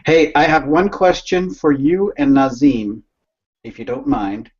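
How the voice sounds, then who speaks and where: A man's voice: mid-range voice, animated, a little slow, darkish tone, muffled recording. A man on a casual video call, rambling through a story and laughing often. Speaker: guest.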